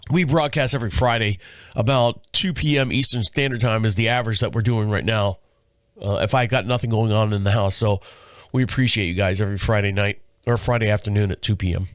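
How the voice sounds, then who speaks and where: A man's voice: lowish voice, fairly even intonation, a little fast, no room sound, studio quality. A man in his fifties hosting a show, telling rambling, profane stories while sick with a cold and a sore throat. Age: 50s. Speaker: podcast host. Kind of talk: casual chat monologue.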